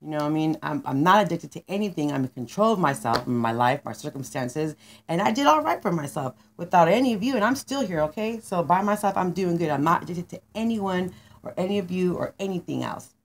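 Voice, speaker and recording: Brief: woman storyteller, low voice, gravelly fry, rambling monologue. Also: lively intonation, brisk, a little hiss or hum. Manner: rambling, with restarts and fillers.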